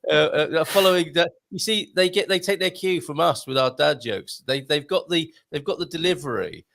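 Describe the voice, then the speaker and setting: A man's voice: fairly high pitch, brisk, vocal fry, a bit bright. A British man in his thirties hosting a casual talk show, jokey and playful, bantering with his guest. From Britain. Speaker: host.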